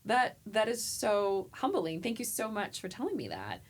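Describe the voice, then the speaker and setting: A woman therapist telling heartfelt stories in a podcast interview, animated and acting out the people she quotes. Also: mid-range voice, normal speed. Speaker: therapist guest. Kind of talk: emotional conversational storytelling.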